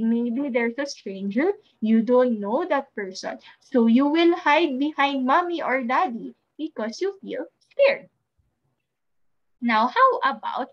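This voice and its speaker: Slow sing-song preschool teacher woman. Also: high voice, fairly bright tone. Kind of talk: recorded class lesson for young children.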